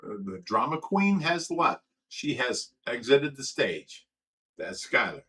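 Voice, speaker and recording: A middle-aged livestream host reads viewer comments aloud and launches into an aggrieved, profane rant, often stumbling and repeating words. His medium-pitched voice is sing-song, slow and sharp, and the recording is rough.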